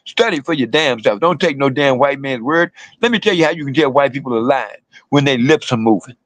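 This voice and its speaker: A man's voice: mid-range voice, brisk, no echo, low-quality recording. An older man, delivering fiery, blunt political commentary as a radio host and repeating slogans for emphasis.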